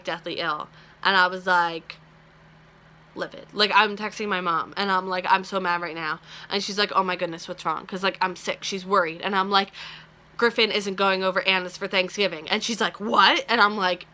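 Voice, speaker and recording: A young woman recapping a soap opera episode in a chatty, animated vlog, full of "like" and quick asides. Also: medium pitch. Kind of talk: casual chat.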